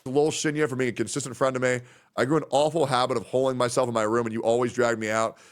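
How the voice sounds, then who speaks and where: A man's voice: flat delivery, fast. Man, 30s, streamer; casual, rambling, emotional. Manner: rambling, emotional, puts on high voices when quoting friends.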